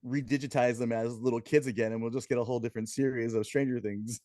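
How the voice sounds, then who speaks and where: A man's voice: medium pitch, fairly even intonation, fast, warm tone, no echo, studio quality. A man co-hosting a podcast in casual chat, laughing often and chiming in with short remarks. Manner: laughs often, brief interjections. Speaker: podcast co-host.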